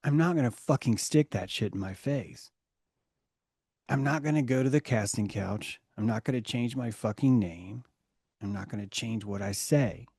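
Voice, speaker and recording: A man's voice: lowish voice, normal speed, breathy edge, no room sound. Profane rambling man, dry close sound. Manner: profane, rambling, swings from muttering to shouting. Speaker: podcast host. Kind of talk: heated casual chat.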